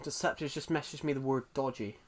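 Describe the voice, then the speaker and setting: A man's voice: mid-range voice, brisk. Young English man rambling on stream. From England. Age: young adult. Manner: rambling, reads chat aloud, swears casually. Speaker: live streamer. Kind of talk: casual live-stream chat.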